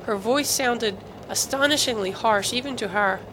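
A woman's voice: medium pitch, fairly even intonation, normal speed, background noise. Woman narrating a novel steadily. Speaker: audiobook narrator. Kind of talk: scripted narration.

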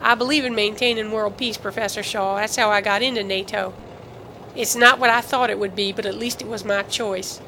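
A woman reading the part of a protective male military officer in an audiobook, speaking in a measured, diplomatic yet firm way. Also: mid-range voice, steady tone, bright, forceful tone, a little hiss or hum, rough recording.

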